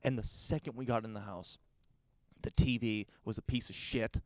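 A young man, a comedian co-hosting a podcast, telling an animated story in casual chat. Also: on the low side, normal speed, dry recording.

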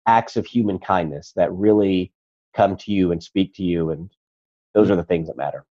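A man's voice: sits low, normal speed, mellow, dull audio. A man, a guest on a talk show, earnestly telling a personal story in conversation.

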